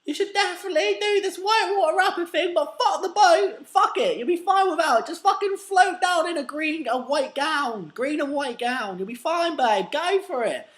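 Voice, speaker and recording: A man's voice: very high voice, lively intonation, moderate pace, few pauses, fairly bright tone, pitched above the performer's own voice. A man voicing a bubbly young female celebrity PR assistant with an Australian accent, gushing and pushy.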